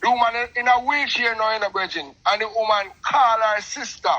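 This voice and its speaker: A middle-aged Jamaican man telling a long personal story in patois, animated and talkative, calling in to a show. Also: high voice, fairly quick, muffled recording. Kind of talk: casual storytelling on a call-in show.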